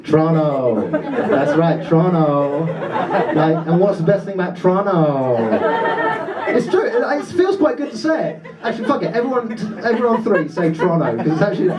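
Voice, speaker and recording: Male stand-up from Britain, high and bouncy voice, sweary crowd-work banter, distant roomy club sound, loud laughing audience. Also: sing-song. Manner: swearing, laughing, rapid self-interrupting banter. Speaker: stand-up comedian. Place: comedy club stage before a laughing audience.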